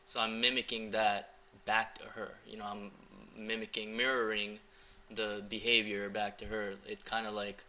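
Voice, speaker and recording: A young American man with a lowish voice walks viewers through dating messages in a loose, casual screen recording full of filler words. His delivery is flat and his pace normal, with some background noise in the clip.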